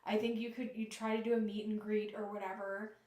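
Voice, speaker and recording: A woman giving a live tarot reading, earnest and emotional, often halting and restarting. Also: mid-range voice, level tone, a little mellow, echoey room. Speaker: tarot reader.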